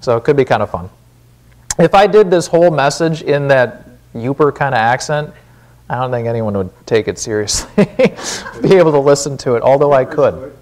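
A man's voice: medium pitch, expressive, normal speed, a little mellow. A man with a Wisconsin accent preaching a sermon in a church, casual and conversational, often asking "right?". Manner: conversational, frequent "right?" check-ins. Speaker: pastor.

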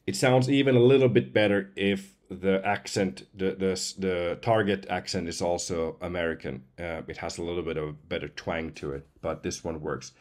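A man's voice: sits low, steady tone, moderate pace, hardly any pauses, darkish tone. A man, a professional voice-over artist, casually explaining and testing voice tools, chatty with small asides. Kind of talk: casual tutorial chat.

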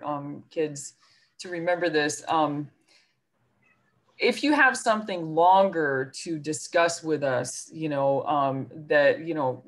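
A woman's voice: deep voice, fairly bright tone. A woman school counselor with a New York accent, giving a chatty presentation to parents on a video call with many fillers and self-deprecating asides.

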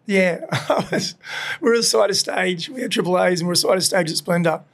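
Gravelly high-voiced Australian man, storytelling. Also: fairly quick. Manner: animated, swearing, laughs often, acts out voices in anecdotes. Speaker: podcast guest, burger restaurant owner. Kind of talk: casual storytelling chat. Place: his burger restaurant.

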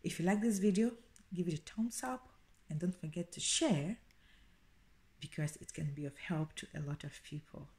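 Low-voiced woman teaching a language. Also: darkish tone. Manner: explains slowly, repeats each phrase. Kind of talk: casual video lesson.

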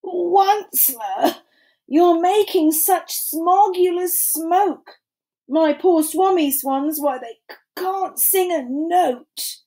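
A woman voicing a grumpy old male forest creature with a croaking, coughing voice, reading a storybook aloud. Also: extremely high pitch, warm tone, pitched above the performer's own voice, heavily acted, rough recording. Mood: scolding. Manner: croaking, coughing, slow and scolding.

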